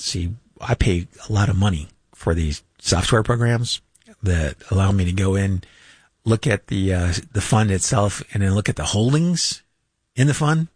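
Husky older man hosting finance radio. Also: fairly low pitch, no echo. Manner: rambling, chuckles, many fillers and restarts. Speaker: radio finance show host. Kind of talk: casual unscripted radio talk. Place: radio studio.

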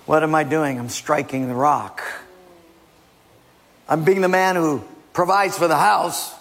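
A male pastor preaches a sermon in a large church hall, animated and playful, quizzing his listeners. His voice is gravelly and husky, pitched slightly high. Long reverb trails every phrase. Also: unhurried, long pauses.

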